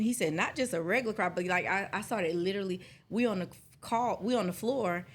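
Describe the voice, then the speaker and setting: A middle-aged woman from South Carolina with a Southern accent, a guest telling lively stories in a casual interview. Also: medium pitch, fairly quick. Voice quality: lively storyteller, acts out quoted voices.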